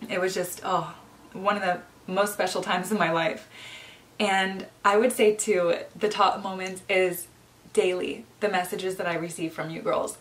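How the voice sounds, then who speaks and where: A woman's voice: lowish voice, fairly even intonation, unhurried, recorded from a distance. Emotional young woman vlogging to camera. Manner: emotional, encouraging, speaks to viewers as sisters. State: teary, emotional. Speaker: lifestyle coach and vlogger. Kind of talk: heartfelt direct-to-camera vlog.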